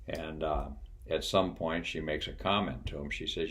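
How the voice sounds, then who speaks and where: Very deep-voiced older man telling stories. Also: steady tone, fairly bright tone. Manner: folksy, unhurried, with frequent "uh" pauses and chuckles. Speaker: retired pilot and flight instructor. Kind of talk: casual storytelling.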